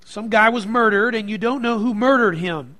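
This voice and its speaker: Pastor, male, high-pitched, animated sermon delivery, dips quiet then builds loud. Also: normal speed. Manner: animated preaching, swinging from quiet to emphatic.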